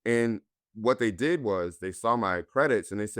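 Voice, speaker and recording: A man's voice: on the low side, moderate pace, a bit bright, no room sound, clean studio sound. A man from North Carolina, an actor guest, earnestly and candidly telling his own story in a conversation.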